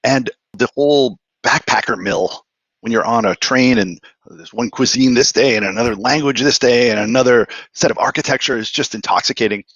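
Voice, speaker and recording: Fast-talking Boston man in his fifties. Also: mid-range voice, husky, no room sound, muffled recording. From greater Boston, USA. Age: 50s. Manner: joking, animated storyteller. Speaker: podcast guest. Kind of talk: casual interview chat.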